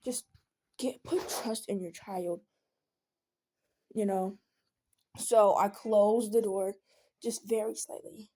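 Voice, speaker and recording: A woman's voice: mid-range voice, steady tone, slow, pauses often, mellow. A teenage girl venting in a casual monologue, earnest and rambling, often pleading. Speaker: vlogger.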